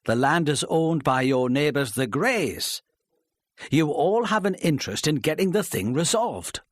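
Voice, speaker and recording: A man as a calm police inspector. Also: on the high side, no echo, studio quality, voice pushed up. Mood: probing. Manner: calm, measured questioning. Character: patient, probing male police inspector.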